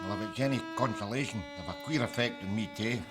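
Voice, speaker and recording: A man's voice: on the low side, fast, loud music behind the voice, lightly acted. An actor with a Glaswegian accent playing a sarcastic, mocking Glasgow man in a sitcom. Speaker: lodger in a politician's home. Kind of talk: sitcom acting.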